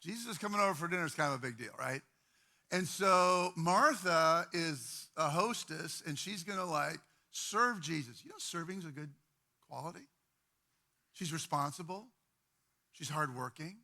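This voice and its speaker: A man preaching a sermon as pastor, talking in a conversational, animated way with repeated words. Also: on the high side, moderate pace.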